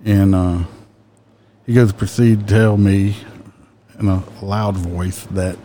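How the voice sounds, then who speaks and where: Man, police officer, casual storytelling, blunt and profane, low mellow voice. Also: level tone, normal speed, a little hiss or hum. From American South. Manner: blunt and profane, with an easy drawl.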